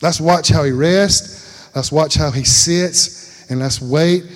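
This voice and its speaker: A man's voice: on the high side, takes it slowly. Folksy man preaching in a hall. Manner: folksy, calls listeners brother, asks rhetorical questions. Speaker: lay speaker at a church gathering. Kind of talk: informal sermon.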